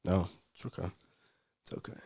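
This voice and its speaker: A man's voice: normal speed, warm tone, no echo, clean studio sound. Laid-back, teasing male podcast co-host. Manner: laid-back, teasing, repeats himself for effect. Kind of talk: casual sports podcast banter.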